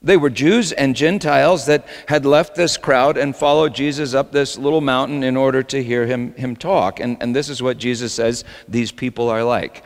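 A man preaching a sermon as pastor, swinging between loud emphatic lines and quiet asides. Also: mid-range voice, steady tone, normal speed, few pauses, long reverb tail.

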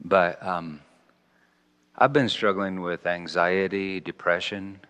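A man in his sixties gives a self-mocking storytelling sermon, dropping to a low murmur and then rising to loud exclamations. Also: flat delivery, takes it slowly, smooth. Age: 60s. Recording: long hall reverb.

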